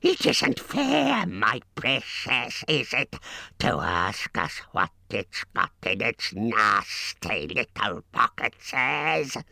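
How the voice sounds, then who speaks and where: A man voicing a slimy little male cave creature, with a hissing, gravelly voice in drawn-out, sing-song wheedling phrases that leap into squeals. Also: medium pitch, wildly swooping pitch, pushed and bright, dry recording, voice pushed up, heavily acted. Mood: indignant. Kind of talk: audiobook character voice.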